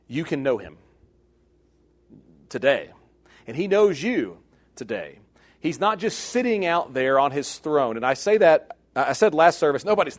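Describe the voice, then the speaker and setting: A male pastor leads a Bible lesson with a slightly high-pitched voice. He is animated and jokey, jumping from loud, emphatic bursts to hushed asides. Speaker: pastor teaching a Bible class. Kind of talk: sermon-style Bible teaching.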